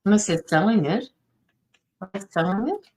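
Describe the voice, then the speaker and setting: A woman's voice: medium pitch, lively intonation, moderate pace, darkish tone, rough recording. A woman tarot reader and medium, chatting casually on a livestream from her home studio, sympathetic and greeting viewers by name.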